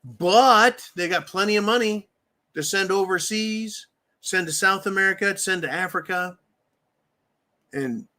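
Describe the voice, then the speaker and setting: A man delivers a fierce political rant in a high, sharp, bright voice. He swears often and turns angry and mocking as he talks. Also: unhurried. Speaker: political commentary host.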